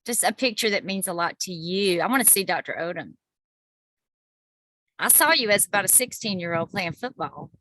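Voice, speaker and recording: A woman's voice: mid-range voice, expressive, moderate pace, a bit bright, no echo. A woman hosting a group video call, upbeat and encouraging. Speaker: host of a wellness group call.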